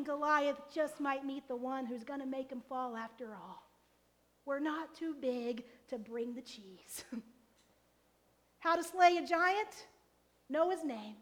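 A woman pastor delivering a sermon, building from quiet questions to impassioned calls to action. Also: high voice. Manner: impassioned preaching, rising to fiery exhortation.

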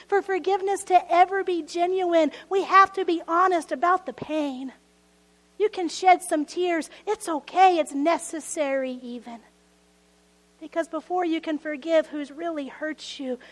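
A woman preaching a sermon in an earnest way, breaking into little laughs between phrases. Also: extremely high pitch. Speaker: pastor.

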